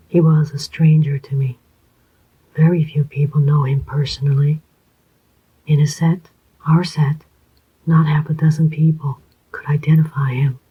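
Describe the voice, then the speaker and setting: Whispered role-play, reader doing a cool steady ex-convict, clipped, airy whisper, dull lo-fi sound. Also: medium pitch, slightly rough. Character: cold, steady male ex-convict. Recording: dull lo-fi recording.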